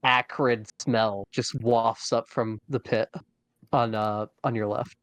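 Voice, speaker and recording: A man's voice: medium pitch, fairly even intonation, slow pace, a bit bright. A man running a tabletop game as dungeon master, narrating with many fillers and restarts.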